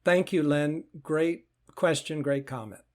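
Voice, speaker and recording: A man teaching meditation in a live question-and-answer session, speaking gently and reassuringly and often repeating phrases. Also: fairly high pitch, measured pace. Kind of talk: live Q&A talk.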